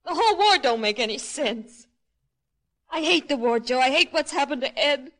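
An anxious young soldier's wife in a 1940s radio play, with a high, bright voice. Her plain, working-class way of speaking turns pleading and raw as she fears the worst. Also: lively intonation, moderate pace. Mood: grieving.

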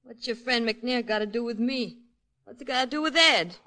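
A frightened soldier's wife. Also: female voice, on the high side, moderate pace, sharp tone. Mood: grieving. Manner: plain working-class speech, pleading. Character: anxious young wife of a soldier, frightened and grieving. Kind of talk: 1940s radio acting.

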